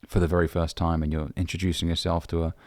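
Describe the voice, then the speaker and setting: Blunt deep-voiced man giving advice. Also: flat delivery, quick pace, darkish tone, no echo, studio quality. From United Kingdom. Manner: blunt, brotherly, swears casually. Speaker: dating coach. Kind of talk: direct-to-camera advice talk.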